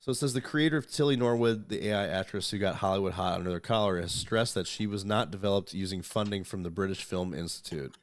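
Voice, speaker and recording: A man's voice: sits low, fast talker, few pauses. A man hosting a podcast in casual chat, rambling, swearing freely and reading articles aloud. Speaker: podcast host.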